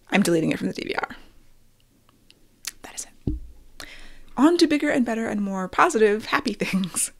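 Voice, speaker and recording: A woman's voice: fairly high pitch, lively intonation, unhurried, creaky, long pauses. A middle-aged woman hosting her own podcast, chatting candidly and with self-deprecating humor about films and her week. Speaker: podcast host. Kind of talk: casual solo podcast chat.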